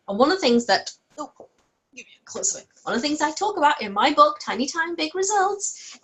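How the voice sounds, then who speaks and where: A woman's voice: mid-range voice, rough recording. A woman business coach and host talking casually to her computer camera, upbeat and encouraging, checking in with "okay?" as she goes. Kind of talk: casual solo talk to camera. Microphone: computer camera and mic at home desk.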